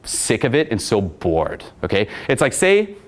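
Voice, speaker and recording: Swaggering, animated young male coach. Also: lowish voice, unhurried. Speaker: dating coach. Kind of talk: casual coaching talk.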